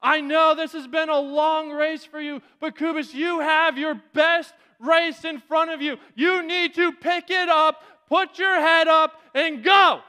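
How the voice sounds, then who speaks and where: A man voicing a male college running coach, yelling urgent encouragement in a reverberant church hall. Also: extremely high pitch, steady tone, measured pace, hardly any pauses, pitched above the performer's own voice, heavily acted.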